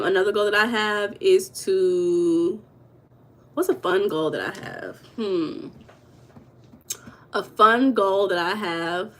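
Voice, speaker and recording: A woman's voice: medium pitch, fairly bright tone. A woman hosting a casual livestream, chatting and gossiping with her viewers and reading their comments aloud. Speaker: livestream host.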